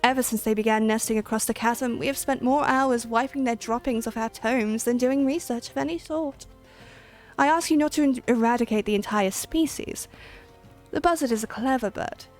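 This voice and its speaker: A woman plays a grave, formal game scholar with a put-on accent, reading out a careful, drawn-out explanation. The voice sits a little high and quiet, with soft music behind it. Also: natural voice. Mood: solemn. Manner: formal, measured storytelling.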